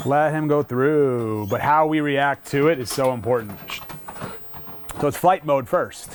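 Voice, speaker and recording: A male dog trainer giving a casual, hands-on lesson, explaining with quick asides and breaking off to praise the dog. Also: mid-range voice, slight background noise. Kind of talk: casual instructional talk.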